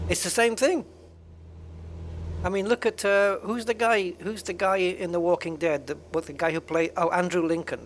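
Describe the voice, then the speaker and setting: A man's voice: a little high, a little hiss or hum. A man giving casual, rambling commentary while playing a flight simulator. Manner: rambling, chatty, with restarts and asides. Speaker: flight sim streamer. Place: home gaming setup.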